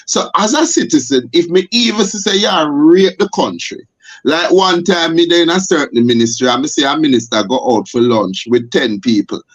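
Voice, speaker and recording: A man with a Jamaican accent, a guest on a talk show, arguing forcefully and firing off rhetorical questions. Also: fairly high pitch, fairly quick, hardly any pauses. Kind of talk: impassioned talk show discussion. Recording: dull lo-fi audio.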